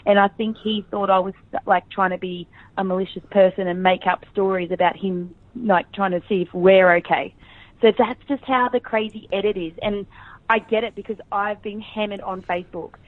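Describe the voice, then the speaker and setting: A woman's voice: mid-range voice, steady tone, dry recording. Brief: Australian woman, frank, chatty interviewee, phone-line sound. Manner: chatty and frank, quick to laugh. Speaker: reality show contestant, interview guest. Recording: dry, tinny phone line.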